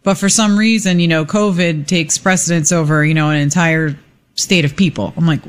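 A co-host on a talk radio show, chatting in an animated, playful way. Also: medium pitch, fairly quick. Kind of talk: casual talk radio banter.

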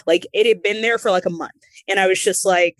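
A woman, a former pro wrestler, telling her story candidly in an interview, lively and acting out the voices of the people she quotes. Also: mid-range voice, fairly quick, no echo. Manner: animated, acts out quoted voices, laughs between lines.

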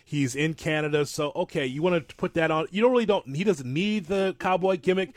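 A man co-hosting a wrestling talk show, rambling and animated, calling himself an old-school fan. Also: fairly high pitch, moderate pace. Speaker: podcast co-host.

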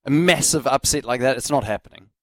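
A man with a New Zealand accent co-hosting a sports radio show, easygoing and quick to rib his partner. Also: mid-range voice, a bit bright, no echo. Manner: easygoing, laughing, ribbing his co-host. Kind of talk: casual sports radio chat. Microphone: studio microphone.

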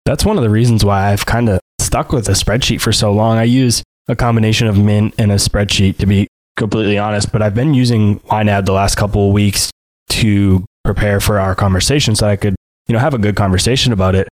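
Male podcast host, low voice, relatable and conversational, dry recording. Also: fairly even intonation, a little fast, dry recording. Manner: friendly, relatable, asks long lead-in questions. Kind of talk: interview hosting.

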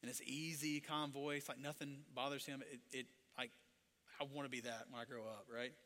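A man preaching a sermon. He moves between hushed storytelling and loud, impassioned passages. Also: mid-range voice, steady tone, moderate pace, long reverb tail. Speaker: pastor.

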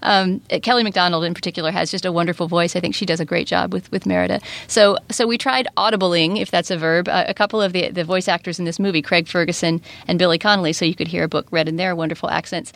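Fast-talking chatty woman podcast host. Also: lowish voice, fairly even intonation, creaky, fairly bright tone, dry recording. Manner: fast, talkative, enthusiastic. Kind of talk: casual podcast chat and sponsor read.

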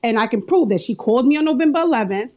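A woman's voice: on the high side, racing, lo-fi sound. A woman defending herself in a courtroom case, telling her story at length and acting out what was said. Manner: animated storyteller who acts out quotes. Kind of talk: heated courtroom testimony.

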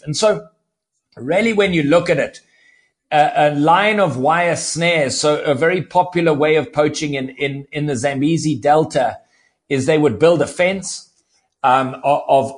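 A man speaking as a conservationist guest in an interview, explaining at length and repeating words as he starts sentences. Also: on the high side. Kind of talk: podcast interview.

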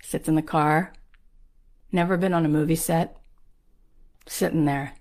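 A woman's voice: low voice, unhurried. A woman giving a motivational talk, telling a story with emphatic repetition and acting out the people in it. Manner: emphatic, repeats key phrases for punch; animated, acts out the people in the story. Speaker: motivational speaker.

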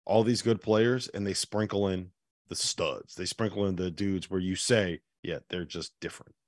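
A man hosts a basketball podcast and makes his points emphatically. His voice is on the low side and sounds dry and close to the mic. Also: fairly even intonation, moderate pace, dry recording. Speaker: podcast host. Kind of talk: casual sports podcast chat.

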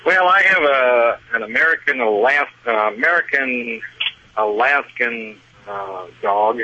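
A man's voice: mid-range voice, a little slow, sharp tone. A man calling in to a radio show with a question, hesitant and friendly. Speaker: caller. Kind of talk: call-in question. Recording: muffled phone line.

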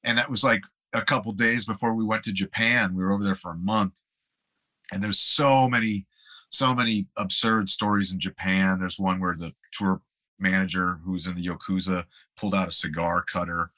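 A man's voice: deep voice, steady tone, normal speed, bright, forceful tone. A man, a guest musician, telling rambling anecdotes in a casual interview and laughing along the way.

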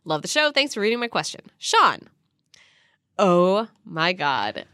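A woman hosting a casual podcast, reading listener emails aloud in a giggly, animated, self-mocking way. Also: on the low side, moderate pace, clear, resonant tone, no room sound, studio quality. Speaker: podcast host.

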